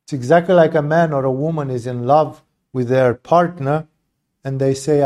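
Spiritual teacher, male, mellow warm tone, impassioned and blunt, swears, rhetorical asides. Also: medium pitch, moderate pace. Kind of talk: satsang talk on poetry.

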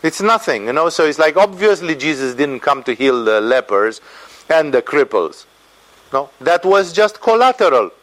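Animated man giving a spiritual lecture. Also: a little high, normal speed, poor audio. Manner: animated, acts out quoted voices, tags "no?" and "you know". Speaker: spiritual teacher.

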